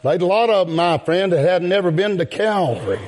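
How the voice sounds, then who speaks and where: A man preaching a sermon in a drawn-out cadence that rises into outbursts. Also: sits high, animated, a little mellow, soft background music. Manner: calls out "my friend" and "yes, sir".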